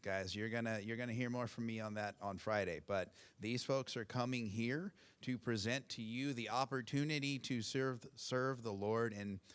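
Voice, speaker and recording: Man with a cold, chapel announcements, smooth resonant voice, chatty and upbeat. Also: medium pitch, fairly even intonation, normal speed, few pauses. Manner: upbeat, chatty, with fillers and repeated pleas. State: has a cold. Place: university chapel.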